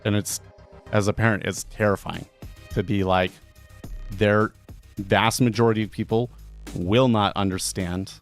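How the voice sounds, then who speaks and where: A man's voice: on the low side, fairly even intonation, a little slow, pauses often, soft background music. A man talking casually on a live trading stream, rambling with frequent restarts and fillers.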